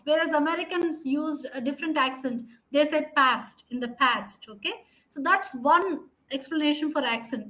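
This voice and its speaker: High-voiced woman explaining pronunciation. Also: a bit bright, rough recording. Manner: explanatory, polite, frequent fillers. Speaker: English trainer. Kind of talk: online training session Q&A.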